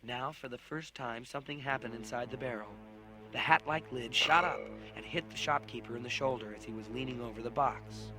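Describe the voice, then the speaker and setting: Male narrator, expressive storytelling, medium pitch, faint music behind. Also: a little fast. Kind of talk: audiobook narration with character voices.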